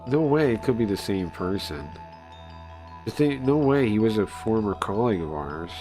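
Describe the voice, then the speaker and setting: A man casually commenting while he plays and reads through a story game, chatty and easily excited, thinking aloud with many pauses. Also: lowish voice, soft background music. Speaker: streamer playing and reading a story game. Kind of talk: casual live-stream commentary.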